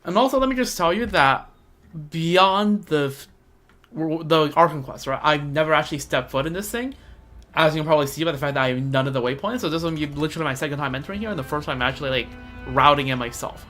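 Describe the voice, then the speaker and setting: A man's voice: on the high side, fast, sharp tone, faint music behind. A young man rambling casually while he plays a game, often stammering and repeating words. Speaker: streamer playing a game. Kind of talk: casual gameplay commentary.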